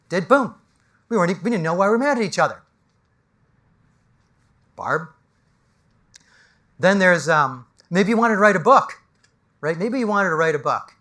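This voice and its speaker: Middle-aged New man, executive coach, animated motivational storyteller with a slightly higher voice, drops to a hush for the heavy parts. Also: normal speed, long pauses. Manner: animated, storytelling, swings from loud to hushed. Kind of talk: motivational talk.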